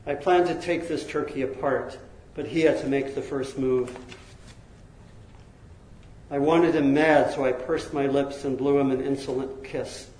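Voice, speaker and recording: A man narrating a story in a lively, expressive way, now and then laughing between lines. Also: medium pitch, a little slow, pauses often. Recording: roomy echo.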